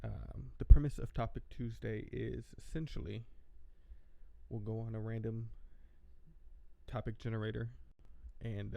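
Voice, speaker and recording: A man chats casually on his livestream, drifting through thoughts with plenty of ums and restarts. His low voice has a heavy gravelly fry. The tone is dark and mellow. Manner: rambling, filler-heavy, laid-back. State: tired, yawning. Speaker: livestream host. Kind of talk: casual stream chat. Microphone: desk microphone.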